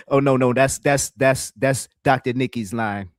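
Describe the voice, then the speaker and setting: Dry, animated man reacting on a live stream. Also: medium pitch, measured pace, hardly any pauses, dry recording. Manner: loose, profane and animated, mimicking voices in clips. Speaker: stream commentator.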